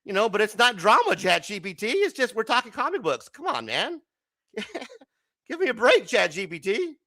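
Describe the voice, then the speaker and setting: A man's voice: high voice, huge pitch swings, moderate pace, pushed and bright. A man hosting a casual late-night livestream, chatty and joking, often laughing and swearing. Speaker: livestream host.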